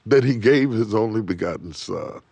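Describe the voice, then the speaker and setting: A middle-aged man preaching on a TV talk show, rising to loud emphatic peaks and dropping to near whispers, repeating his phrases. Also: fairly low pitch, lively intonation, normal speed, breathy edge, no echo. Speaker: bishop and guest preacher. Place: TV studio set.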